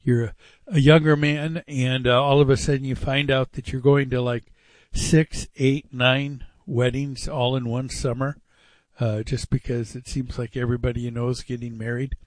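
A man's voice: mid-range voice, level tone, normal speed, dry recording. A man hosting a radio talk show, reading sponsor spots and chatting with frequent fillers. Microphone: studio microphone.

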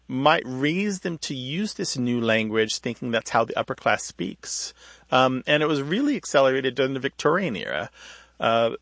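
Gravelly-voiced man explaining word history. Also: mid-range voice, fairly bright tone, dry recording. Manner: thoughtful, explains at length with small restarts. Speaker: radio show co-host, language expert. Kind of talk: explanatory radio talk.

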